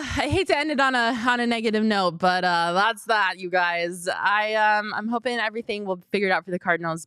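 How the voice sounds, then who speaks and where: A young woman hosting a sports talk show, chatting casually and upbeat, quick to laugh. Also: mid-range voice, fairly bright tone, clear, resonant tone, dry recording, studio quality. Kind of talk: casual solo sports chat.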